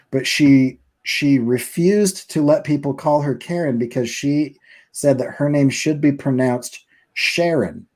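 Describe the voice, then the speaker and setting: A man hosting a casual live stream chat, telling a funny story in an animated way and laughing between lines. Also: medium pitch.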